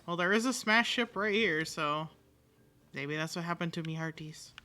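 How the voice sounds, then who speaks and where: A woman giving casual, animated commentary while playing a video game, reading dialogue aloud and swearing now and then. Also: on the low side, moderate pace, a little hiss or hum. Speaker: game streamer. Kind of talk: casual let's-play commentary.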